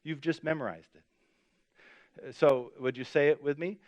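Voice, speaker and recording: A male pastor preaching a sermon in a chatty, lively storytelling way, his voice jumping up when he acts out a scene. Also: on the high side, slow, dull audio. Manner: chatty, with many fillers. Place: church service.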